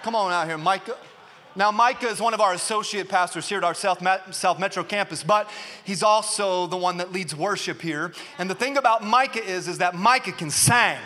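A man pastor delivers a rousing sermon in a church sanctuary, his voice high and bright. He jokes with the congregation, then climbs into full-throated shouting. The sound carries a long hall reverb. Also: fairly quick. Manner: energetic preaching, builds to shouting, joking asides.

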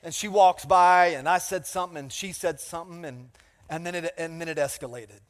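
A man's voice: a little high, a little fast. A man pastor preaching a sermon in a large church, telling a self-mocking story and calling out to the congregation. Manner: animated, self-mocking storytelling with crowd call-outs. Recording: reverberant church hall.

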